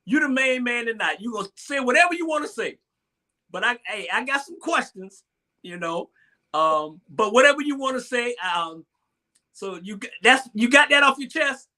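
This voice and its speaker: A man's voice: very high-pitched, lively intonation, moderate pace, pushed and bright. A man hosting a casual live-stream talk show, rambling and repeating himself as he jokes and complains. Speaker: show host.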